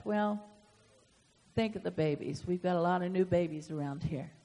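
A woman's voice: lowish voice, moderate pace, pauses often. Woman pastor, emphatic sermon, long church reverb. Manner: emphatic preaching with sudden loud swells and soft asides. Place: church sanctuary.

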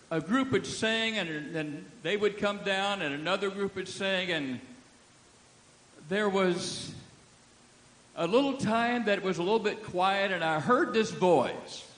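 In a church hall with a stage, a man with a fairly high-pitched, fairly bright voice preaches a sermon as a guest speaker, folksy and joking as he leads the crowd from the stage. The hall sounds echoey.

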